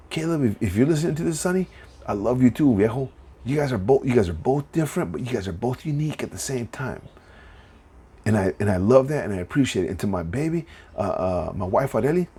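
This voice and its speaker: A man in his thirties talks alone into his podcast mic, earnest and emotional, stumbling over repeated words. His voice is gravelly, dark and a little husky, and it is close to breaking. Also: medium pitch, animated, a little fast. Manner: earnest, repeats words when starting sentences. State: emotional, near tears. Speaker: podcast host. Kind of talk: heartfelt solo podcast rambling.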